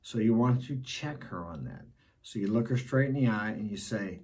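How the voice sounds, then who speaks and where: Middle-aged male vlogger, mellow husky voice, blunt and instructive. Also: lowish voice, moderate pace. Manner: blunt, instructive, repeats key points. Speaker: dating advice vlogger. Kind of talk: casual advice monologue.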